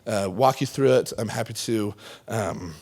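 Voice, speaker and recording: A man finishing a conference panel presentation, running through a list of questions and then thanking the audience in a relaxed way. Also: fairly low pitch, measured pace, vocal fry.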